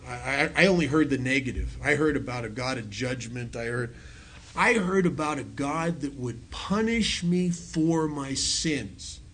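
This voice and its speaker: This middle-aged recovery meeting speaker addresses a live audience in a meeting hall, recounting his story with jokes at his own expense. He has a medium-pitched, expressive voice that is a bit bright with a breathy edge, at a measured pace.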